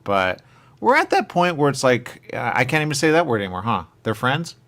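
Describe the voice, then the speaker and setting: A man's voice: mid-range voice, big pitch swings, a little fast, bright, forceful tone. A man hosting a radio show, rambling in casual chat, trailing off and coming back to the same stock phrases. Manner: rambling, trails off, repeats "there you go".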